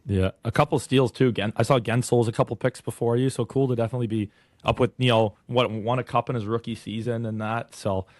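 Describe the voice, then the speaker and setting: A man's voice: mid-range voice, steady tone, fast, a little mellow, no echo. A man hosting a podcast, asking easygoing, rambling questions. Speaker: podcast host. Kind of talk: casual interview questions.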